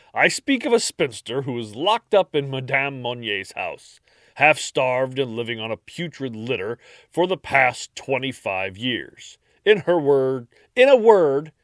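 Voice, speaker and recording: A male podcast host who tells a grim historical story with dramatic pauses, his pitch rising and falling a lot. The recording is dry and close, with no room sound. He laughs easily when the banter starts. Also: a bit bright, no echo. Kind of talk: true crime podcast narration and banter.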